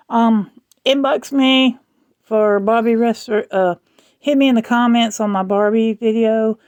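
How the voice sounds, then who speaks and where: A woman chats at home for her vlog in a slow, drawling ramble. Her voice is gravelly with fry, and it sounds dry and close. She talks in a loose, chatty way. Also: a little high, darkish tone, dry recording. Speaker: vlogger. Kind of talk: casual chat.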